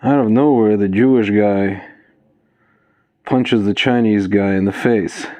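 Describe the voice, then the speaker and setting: A man talking casually to camera in a lowish voice, addressing his viewers as "guys". He fills pauses with "uh" and "um" and drifts between points in a loose, digressive way. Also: steady tone, darkish tone, no echo. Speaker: video commentator. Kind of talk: casual spoken commentary to camera.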